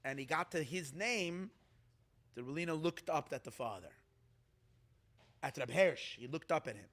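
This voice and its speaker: A man, a rabbi, telling stories at a gathering in an animated, halting way, with many restarts. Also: fairly high pitch. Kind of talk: storytelling talk.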